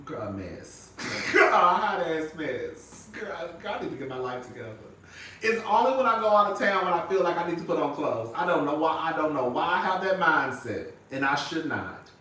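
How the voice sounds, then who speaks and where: A man's voice: medium pitch, sharp tone, distant mic. A man chatting sassily to his viewers, calling everyone "girl" and "honey" and breaking into laughter. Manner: flamboyant, sassy, says "girl" and "honey" constantly, bursts into singing and laughter. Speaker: vlogger. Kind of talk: casual chat to viewers. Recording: echoey room, voice off-mic.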